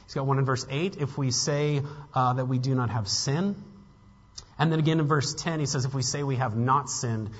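A male pastor preaches a sermon at normal speed in a medium, fairly even voice, earnest and building to emphatic peaks. He throws in casual asides to the congregation. The recording is dull and lo-fi, with long hall reverb.

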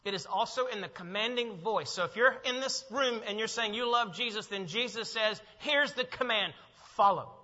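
A man preaches a sermon with a high, very bright voice, swinging between hushed reflection and emphatic, rising declarations. The recording is muffled and carries a long reverb from the church hall. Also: moderate pace, few pauses. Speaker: pastor. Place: church sanctuary.

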